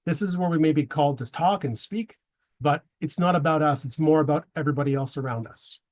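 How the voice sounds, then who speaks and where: A man's voice: on the high side, a little fast, a little mellow. A man giving a prepared presentation to a men's group, slipping wry dad jokes between his tips.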